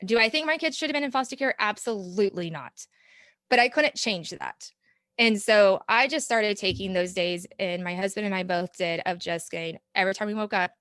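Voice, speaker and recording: A woman's voice: mid-range voice, moderate pace, a bit bright, no room sound, studio quality. A woman, speaking earnestly and reflectively as an interview guest, often laughing as she talks. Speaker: podcast guest, parent mentor. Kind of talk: conversational interview.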